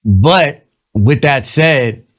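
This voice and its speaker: A young man hosting his own show, delivering a loose, profane, rambling comedic monologue and slipping into quick mocking voices. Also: medium pitch, animated. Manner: loose, profane, rambling storytelling with shifting vocal impressions. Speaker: host of a comedic commentary show.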